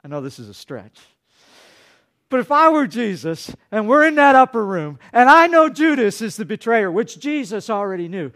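A male pastor preaching a sermon, dropping to hushed tones and rising to loud, dramatic peaks. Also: sing-song, moderate pace. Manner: dynamic, swinging from hushed to booming.

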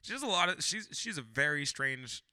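A man's voice: a little high, animated, normal speed, bright, forceful tone, clear, resonant tone, no room sound, studio quality. A man co-hosting a podcast, bantering and telling stories with jokes and swearing. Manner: profane, jokey banter. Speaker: podcast co-host. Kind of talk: casual chat.

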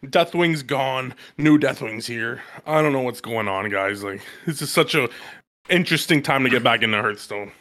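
Bright-voiced guy rambling about card games, gets loud and high when excited. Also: normal speed. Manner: animated, jumps to high excited pitch when telling stories. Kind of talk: casual gaming chat.

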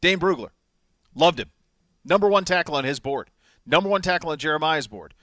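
A man co-hosting a sports talk show, speaking with emphatic, excitable energy and repeating words for stress. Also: a little high, moderate pace, no room sound, studio quality. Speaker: sports radio co-host.

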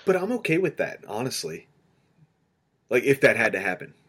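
A man's voice: mid-range voice, normal speed, husky. A man co-hosting a casual sports podcast, who tells stories animatedly and acts out what people said. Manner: animated storyteller, acts out quotes. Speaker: podcast co-host.

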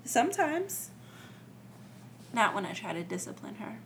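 A playful woman co-hosting a podcast, chatting casually with a friend and laughing often. Her pitch sits in the middle of the range. Faint noise hums under the recording. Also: sing-song, a little slow, gravelly, fairly bright tone. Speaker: podcast co-host. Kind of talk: casual chat.

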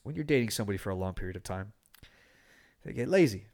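Brief: young male podcast host, lowish voice, blunt and profane, animated storyteller. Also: fast. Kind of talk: casual chat.

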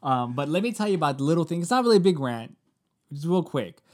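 A man's voice: fairly high pitch, fast. A man in his thirties, a podcast co-host, ranting in casual chat and swearing often. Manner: emphatic, swears often, animated rants. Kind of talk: casual chat with profanity-laden rants.

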